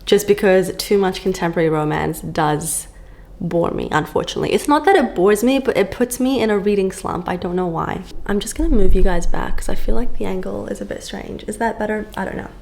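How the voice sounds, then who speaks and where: A woman's voice: mid-range voice, fairly quick, vocal fry, a little mellow. A woman book vlogger chatting casually to camera, gushing and full of fillers, filmed at home on a camera on a stand.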